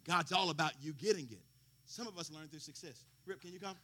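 Bright-voiced fervent preacher man. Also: a little high, brisk. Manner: preaching with rising fervor, quoting scripture, folksy asides. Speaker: pastor. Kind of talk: sermon.

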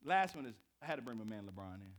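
A man preaching a sermon to a live congregation, telling stories with big swings from quiet to shouting. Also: quick pace. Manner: animated storytelling, swinging from low to shouted. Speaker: pastor.

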